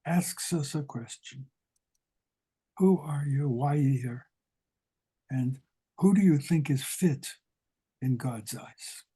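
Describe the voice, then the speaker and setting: Older guy rabbi teaching over a video call, real slow, husky and kinda dark, lots of questions to the class. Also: on the high side, poor audio. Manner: asks many rhetorical questions, unhurried with pauses. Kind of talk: slow, questioning lesson on a psalm.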